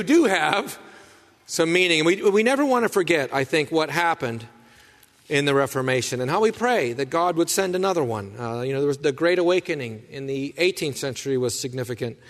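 A man preaching a Sunday sermon as pastor, in a folksy, storytelling manner with casual asides. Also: high voice. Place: church sanctuary. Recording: long hall reverb.

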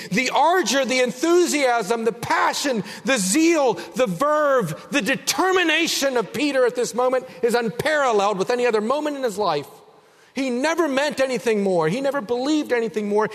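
Preacher guy, high voice, big echoey church sound, goes quiet then loud. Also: animated, moderate pace. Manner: emphatic, swings from low and quiet to loud and high. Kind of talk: sermon.

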